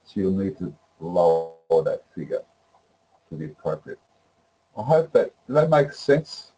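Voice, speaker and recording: A man presenting a webinar that walks through trading software, rambling with many fillers and restarts. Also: low voice, very animated, a little slow, rough recording. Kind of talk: live webinar demonstration.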